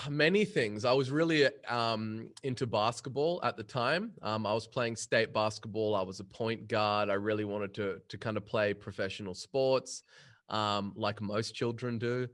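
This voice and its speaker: A man, a podcast guest telling punchy, energetic stories about his career in sales. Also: lowish voice, measured pace. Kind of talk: casual storytelling interview.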